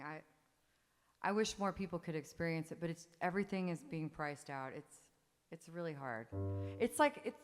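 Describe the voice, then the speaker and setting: A woman in her forties, a songwriter telling stories and taking questions from a live theater audience in a chatty, self-interrupting way, often laughing. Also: lowish voice. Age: 40s. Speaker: songwriter performing a one-woman show. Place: theater stage. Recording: long hall reverb, faint music.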